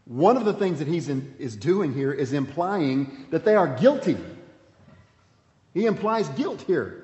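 A man pastor preaching a sermon, swinging between emphatic points and hushed, quiet passages. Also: fairly high pitch. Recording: echoey hall, dull sound.

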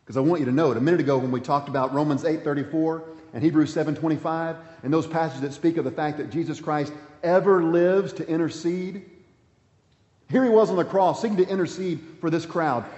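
A man pastor preaching a sermon, swinging between emphatic points and hushed, quiet passages. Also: fairly high pitch, a little fast. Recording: echoey hall, dull sound.

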